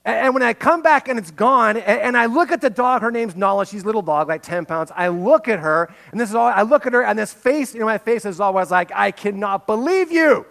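A man delivers a sermon with a noticeably high voice for a man. He is an animated storyteller. He sinks to a hush on solemn lines and rises loud and quick when the anecdotes take over. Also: vocal fry. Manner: animated storytelling, swinging between hushed and loud. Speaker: pastor.

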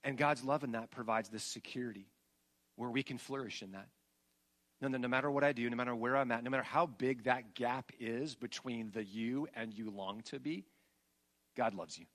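A man's voice: medium pitch, brisk. Middle-aged man preaching with soaring emphasis. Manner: storytelling, swings between soaring emphatic peaks and soft hushed passages. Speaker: pastor. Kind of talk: sermon.

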